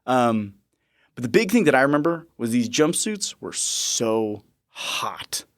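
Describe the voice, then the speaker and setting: A man in his thirties, a podcast host and nurse, telling a story in a lively, chuckling way. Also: medium pitch, unhurried. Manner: lively, chuckling, animated retelling. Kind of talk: casual storytelling.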